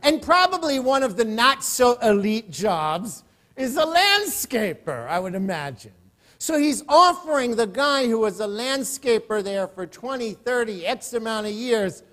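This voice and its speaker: High-voiced male pastor preaching. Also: expressive, a little slow, a bit bright. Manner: storytelling, repeats words when starting sentences. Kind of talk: sermon. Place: church service.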